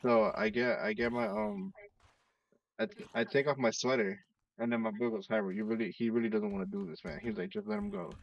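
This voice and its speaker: Gravelly, lively man telling a story. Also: fairly high pitch, fairly quick, dry recording, far from the mic, dull audio. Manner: animated storytelling, acting out quoted lines. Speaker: storyteller among friends. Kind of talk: casual chat.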